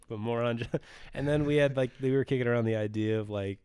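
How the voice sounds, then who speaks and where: A man's voice: medium pitch, steady tone, moderate pace, a little mellow, clean tone, no room sound. A man co-hosting a podcast in casual chat, joking and laughing often. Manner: jokey, laughs often, talks in restarts. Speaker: podcast co-host.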